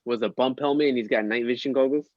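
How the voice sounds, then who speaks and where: A man's voice: mid-range voice, fairly even intonation, fast, no room sound. Hesitant man on a muffled line. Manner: hesitant, many ums and uhs. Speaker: podcast guest, designer. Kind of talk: casual chat.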